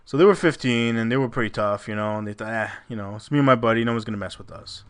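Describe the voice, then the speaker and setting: A man's voice: medium pitch, fast, a bit bright, clear, resonant tone. A man co-hosting a podcast, casually retelling a listener's scary story with swearing and restarts. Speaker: podcast co-host.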